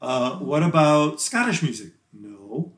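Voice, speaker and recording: A man talking as a guest musician in a casual interview, rambling and chatty and quick to laugh. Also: a little high, lively intonation, a bit bright. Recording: roomy echo.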